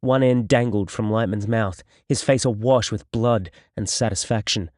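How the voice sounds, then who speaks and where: A man narrating an audiobook in the first person, with steady, measured storytelling. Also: lowish voice, dry recording, studio quality.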